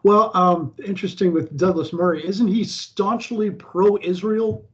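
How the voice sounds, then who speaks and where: An American man chatting casually, rambling with halting restarts. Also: sits high, fairly even intonation. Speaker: co-host. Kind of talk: casual chat. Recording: dull lo-fi audio.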